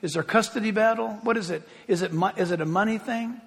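A man preaching a sermon as pastor, emphatic and swinging from quiet, low asides to loud, ringing appeals. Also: quick pace, gravelly, husky. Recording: long hall reverb.

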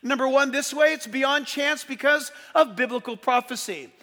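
High bright preacher in an echoing church. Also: male voice, moderate pace. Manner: emphatic preaching, speeds up and shouts in stories. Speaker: pastor. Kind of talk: sermon. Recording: long reverb of a church hall.

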